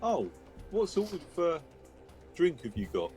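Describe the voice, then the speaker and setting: Brief: man playing a nosy bard, raised pitch, lively, mellow tone. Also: measured pace, soft background music. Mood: curious. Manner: inquisitive, pushy questioning. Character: eager, chatty adult male bard adventurer.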